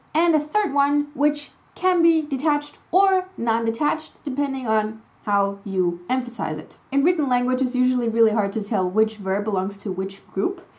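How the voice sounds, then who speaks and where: Lebhafte Lehrerin mit hellerer Stimme. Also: female voice, a little high. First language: German. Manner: lively, chatty and self-joking, stresses example words. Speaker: German language teacher. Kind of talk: casual explanatory lesson.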